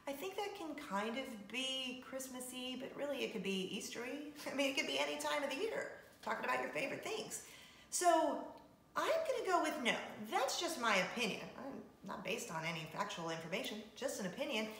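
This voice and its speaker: Bright-voiced chatty woman vlogger. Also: sits high, big pitch swings, brisk, a little hiss or hum. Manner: chatty and upbeat, laughs often. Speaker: vlog host, former radio host. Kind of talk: casual chat to camera. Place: home kitchen. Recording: roomy echo.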